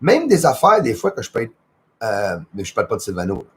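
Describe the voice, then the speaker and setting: A man's voice: mid-range voice, huge pitch swings, fast talker. A man hosting a livestream, chatting casually and greeting viewers by name as he rambles along. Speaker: livestream host. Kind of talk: casual chat reading out viewer comments.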